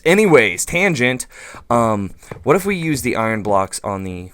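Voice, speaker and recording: A man's voice: lowish voice, big pitch swings, moderate pace, a bit bright, slight background noise. A man hosting a let's play, thinking aloud in casual gameplay commentary with lots of fillers and goofy asides.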